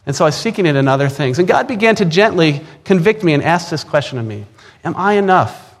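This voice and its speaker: Midwest guy in his 40s preaching his testimony, earnest, kinda high voice, stacks repeats when he leans in. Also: very animated, fast talker. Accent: Upper Midwest American. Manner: earnest, emphatic, repeats words when stressing a point. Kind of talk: personal testimony sermon.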